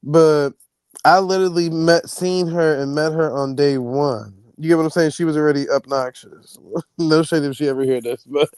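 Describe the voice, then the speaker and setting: Animated, profane man telling stories. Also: fairly high pitch, moderate pace, clean tone, no echo, rough recording. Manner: animated, profane, acts out quoted people. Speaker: stream host. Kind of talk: casual storytelling chat.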